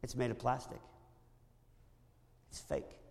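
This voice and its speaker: A male pastor preaching a sermon in a church, animated and storytelling with impressions. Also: medium pitch, slow, creaky, in a large hall.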